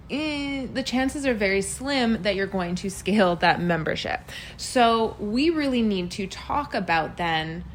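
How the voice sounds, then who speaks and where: A woman's voice: medium pitch, a little hiss or hum. Chatty woman podcast host. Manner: chatty and animated, swears casually. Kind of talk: casual solo podcast chat. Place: room that sounds a little echoey. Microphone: built-in device mic, external microphone left unplugged.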